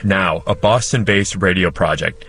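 A man with a low voice introduces a public radio program from a script. He keeps a measured, even delivery that suits a documentary opening. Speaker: radio host.

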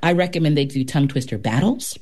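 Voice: mid-range voice, fast talker. A professional storyteller in an interview, telling tales dramatically and talking about their work. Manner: dramatic, expressive telling with sound words.

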